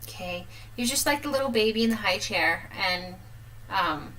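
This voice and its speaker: A woman's voice: medium pitch, animated, normal speed, bright, forceful tone, low-quality recording. Casual woman in her thirties doing a tarot reading, talks loose and chatty, giggles a lot. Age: 30s. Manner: chatty, laughs often. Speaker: tarot reader.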